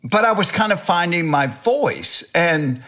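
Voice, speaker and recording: A man's voice: a little high, unhurried. An older man with a Southern US accent, telling folksy, self-mocking stories as a comedian guest in an interview. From Georgia, US. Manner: folksy, animated anecdotes with self-mocking humor. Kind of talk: storytelling interview chat.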